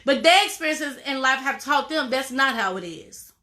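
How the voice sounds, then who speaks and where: Woman, life coach, motivational talk, bright voice, repeats herself, says y'all. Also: high voice, expressive, moderate pace. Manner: emphatic, repeats phrases, informal; addresses listeners as y'all and baby.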